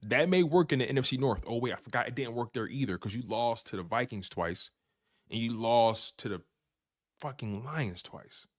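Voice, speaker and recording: Hyped sports show host. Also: male voice, mid-range voice, a little fast. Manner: repetitive, hyped, trash-talking fan banter. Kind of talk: animated sports talk livestream.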